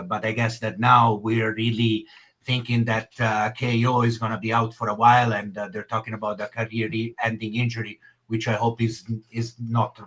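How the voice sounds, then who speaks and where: A man talking haltingly in a casual podcast chat, with many pauses and fillers. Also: mid-range voice, fairly bright tone. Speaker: podcast co-host.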